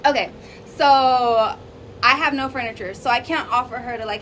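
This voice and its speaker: Woman vlogger, high voice, chatty storytime delivery, faint room hum behind. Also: moderate pace, rough recording. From Arizona, USA. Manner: chatty, animated, lots of fillers. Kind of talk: casual storytime.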